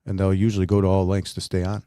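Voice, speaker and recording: A middle-aged man co-hosts a casual talk show, telling stories, laughing often, and poking fun at himself. His low voice is monotone, fast, and mellow, captured in a dry, studio-quality recording.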